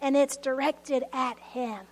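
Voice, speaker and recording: A woman pastor preaching a sermon, reading scripture with loud emphasis and dropping to hushed, whispered asides. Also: high-pitched, steady tone, slow pace.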